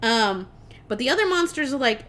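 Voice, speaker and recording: A young woman casually retelling a movie plot on a podcast, animated and chatty, with lots of fillers and swearing. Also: high-pitched, normal speed. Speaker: podcast co-host. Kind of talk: casual film recap.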